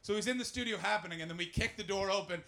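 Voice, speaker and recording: A man's voice: sits high, racing, bright, forceful tone. A young man doing a stand-up comedy set, telling rambling, profane, self-mocking stories and throwing questions at the crowd. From Canada.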